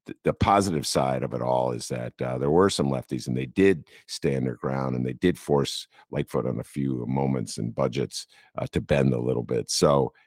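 A male podcast host in casual political talk, getting animated and excited as he goes. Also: extremely low pitch, creaky, dry recording, clean studio sound. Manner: animated, gets excited and laughs.

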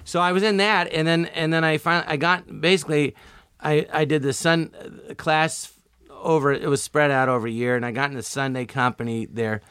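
A middle-aged man telling stories as a comedian guest in an interview, acting out quotes with sudden jumps in pitch. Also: level tone, a little fast, fairly bright tone, smooth, dry recording, clean studio sound. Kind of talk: storytelling interview.

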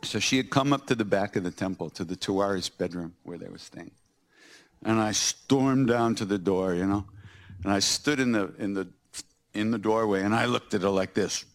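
A man's voice: on the low side, moderate pace. A man hosting a podcast, recounting personal stories and acting out the scenes with laughter. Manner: animated, acts out scenes with laughter. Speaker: podcast host.

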